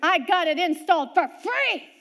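A middle-aged woman's sermon features a personal story told at normal speed in a very high-pitched voice. Her volume swings lively between loud and quiet.

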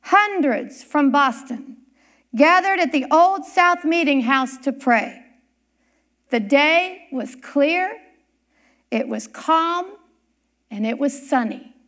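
A high-pitched woman delivers a sermon story at an unhurried pace. She lingers on words and pauses for drama, building the tale phrase by phrase. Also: animated, a bit bright. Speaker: church speaker.

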